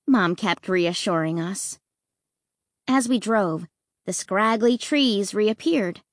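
A woman narrating a children's story in an expressive, measured way. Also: medium pitch, no room sound, clean studio sound.

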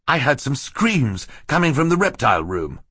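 A man voicing a middle-aged male banker who panics and babbles in a high-pitched voice. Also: big pitch swings, moderate pace, a bit bright, husky, no echo, clean studio sound. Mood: alarmed.

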